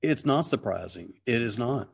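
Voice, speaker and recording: A man's voice: mid-range voice, expressive, normal speed, creaky, slightly rough. A middle-aged man talking through a Bible passage in casual discussion, earnest and rambling, with many restarts and "okay"s. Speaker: Christian teacher.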